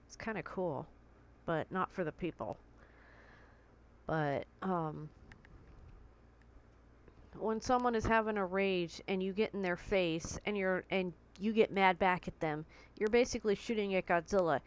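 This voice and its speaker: A woman's voice: on the low side, unhurried, long pauses, clear, resonant tone. A woman vlogging candidly and conversationally from her bedroom, recording on a tablet, with vivid comparisons. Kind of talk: personal talk to camera.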